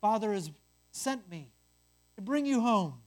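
A calm, patient firstborn son sent to bring his brothers home, voiced by a storyteller. He speaks steadily, close to the narrator's own voice. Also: mid-range voice, unhurried, close to an everyday voice.

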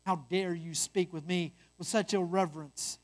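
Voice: medium pitch, fairly even intonation, moderate pace, natural voice. A reader voicing a guilt-ridden youngest brother, earnest and anxious, in a told parable. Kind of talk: storytelling.

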